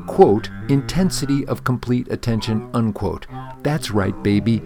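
A man hosting his own show, delivering a blunt, profane, mock-angry rant. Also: mid-range voice. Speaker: podcast host.

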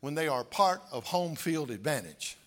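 A man preaching a sermon as pastor, telling folksy stories with laughter and rising to shouts. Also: a little high, lively intonation, normal speed.

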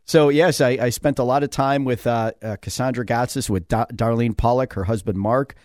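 A man's voice: mid-range voice, fairly even intonation, moderate pace, a little mellow, dry recording, studio quality. Chatty New radio host man. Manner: chatty, digressive, many fillers and chuckles. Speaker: radio talk show host. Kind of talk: casual rambling talk radio. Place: radio studio.

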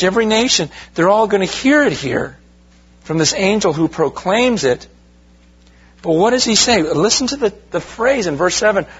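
A pastor preaches to his congregation in a slightly high, husky voice, leaning on rhetorical questions and direct appeals. He keeps the sermon conversational, speaking to the room as "you guys." The recording sounds dull and lo-fi.

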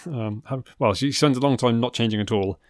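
A man's voice: mid-range voice, brisk, dry recording. Podcast guy, dry jokes, stumbles and restarts a lot, super dry mic. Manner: hesitant, dry humour, many restarts. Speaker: podcast co-host. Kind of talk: casual film podcast chat.

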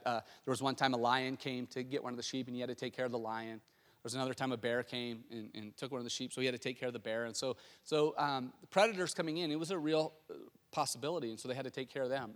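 A man's voice: medium pitch, in a large hall. A male pastor preaching a sermon, telling the story animatedly with frequent restarts.

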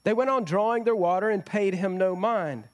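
A man's voice: high voice, normal speed. A man preaching a conversational sermon as a pastor, often asking the congregation rhetorical questions.

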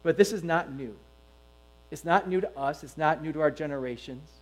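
A middle-aged man preaching a sermon to his congregation, emphatic and animated, full of rhetorical questions. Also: fairly high pitch, normal speed, poor audio. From United States. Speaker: pastor.

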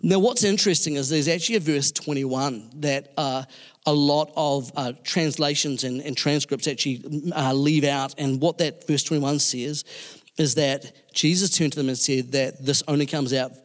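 A man's voice: fairly high pitch, fairly even intonation, moderate pace. A man preaching a sermon in a conversational way, with fillers and restarts. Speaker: pastor. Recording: long hall reverb.

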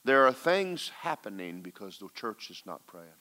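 Male pastor, lowish bright voice, storytelling sermon, loud urgent peaks dropping to hushed asides. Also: sing-song, normal speed. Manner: swings from loud urgent exhortation to hushed recounting.

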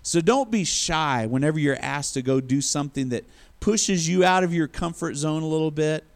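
A man's voice: a little high, moderate pace. A male preacher giving a sermon in a conversational storytelling manner. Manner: conversational storytelling, acts out quotes.

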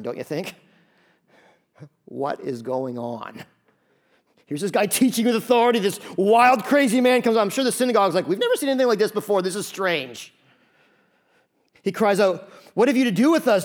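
An animated pastor preaching to his congregation, high-pitched for a man. He keeps it loose and conversational, tossing in jokes between points. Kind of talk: sermon. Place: church before a congregation.

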